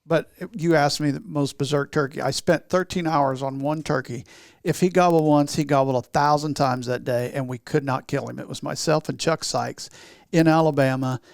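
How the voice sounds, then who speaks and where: Male podcast guest, gravelly, slightly high voice, dry close mic. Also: fairly even intonation, normal speed, no echo. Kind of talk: casual conversation.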